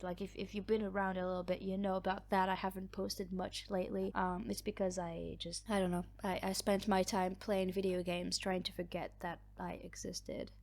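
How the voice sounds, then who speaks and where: A woman's voice: mid-range voice, flat delivery, normal speed, few pauses, darkish tone. A woman hosting a book channel, chatting casually as she reads out viewer comments. She laughs often, mocks herself, and her voice is cracking.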